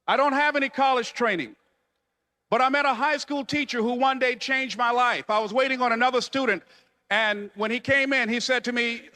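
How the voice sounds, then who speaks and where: A man delivers a motivational speech in a high, bright voice, hammering each phrase with a preacher's repetition. The sound carries a long reverb from a big hall. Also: moderate pace. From United States. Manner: emphatic, repetitive preacher-like cadence. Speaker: motivational speaker.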